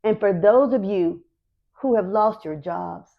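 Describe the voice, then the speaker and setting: Middle-aged woman, podcast host, slow earnest encouragement, dull lo-fi sound. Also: medium pitch, creaky. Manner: slow, earnest and emphatic, repeating key phrases. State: emotional, near tears. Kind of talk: encouraging faith talk.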